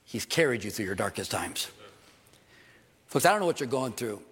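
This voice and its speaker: A man's voice: lowish voice, sing-song, normal speed, a bit bright, a little hiss or hum. An older man preaching a sermon as pastor in church, earnest and emphatic, repeating key phrases. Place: church sanctuary. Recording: long hall reverb.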